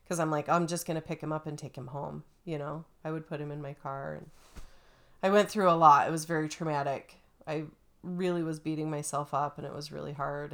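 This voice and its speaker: Low-voiced woman telling a story. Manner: animated storytelling, with lively acted-out quotes. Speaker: storyteller in a casual chat. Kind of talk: casual chat.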